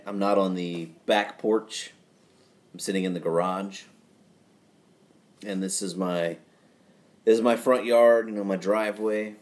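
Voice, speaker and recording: A man chats casually on his own live stream from his home garage at night, relaxed and rambling with chuckling asides. His pitch is fairly low.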